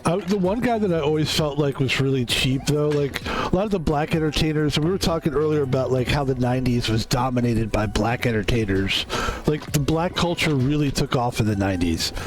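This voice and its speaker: A man's voice: medium pitch, brisk, faint music behind. A man streaming a video game, chatting in a loose, joking way and swearing freely. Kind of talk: casual gameplay commentary.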